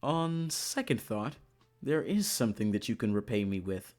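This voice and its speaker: A game streamer voicing a composed, soft-spoken male boss from a visual novel, dropping to a lower, quieter, measured delivery. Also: lively intonation, soft background music, natural voice. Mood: calm. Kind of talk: visual novel dialogue read aloud by a streamer.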